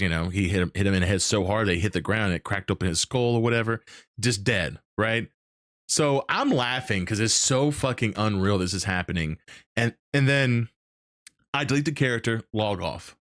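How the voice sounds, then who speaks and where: Lively storytelling man, dry sound. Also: on the low side, no room sound. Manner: animated storyteller who acts out characters, swears and laughs often. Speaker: host. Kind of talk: casual chat.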